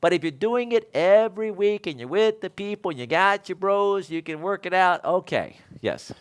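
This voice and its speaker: Man, instructor, storytelling, lively, a bit high. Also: normal speed, clear, resonant tone. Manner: animated, acts out both sides of a story. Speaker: electrical code instructor. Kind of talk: storytelling in a panel discussion.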